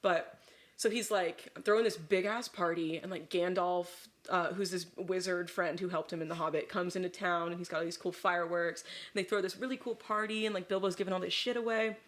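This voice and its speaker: A woman's voice: fairly low pitch, fairly even intonation, brisk. A woman co-hosting a podcast, a little drunk, casually retelling a story with lots of fillers and laughing asides. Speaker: podcast co-host.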